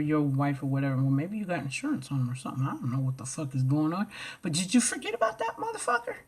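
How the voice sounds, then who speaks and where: A woman vlogger ranting to camera, blunt and profane, swinging from loud outbursts to low mutters. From United States.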